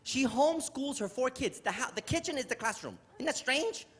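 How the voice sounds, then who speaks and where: A man's voice: very high voice, brisk, breathy edge. A middle-aged man from New York City doing stand-up comedy on a theater stage, telling exasperated stories and acting them out. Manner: animated, exasperated storytelling with act-outs.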